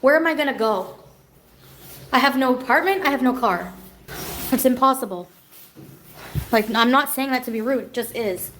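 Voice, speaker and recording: Woman streamer, fairly high voice, rambling, bitter, snaps at chat, faint background hum. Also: moderate pace, pauses often, fairly bright tone, low-quality recording. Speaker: livestreamer. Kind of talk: venting live stream chat. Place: home kitchen.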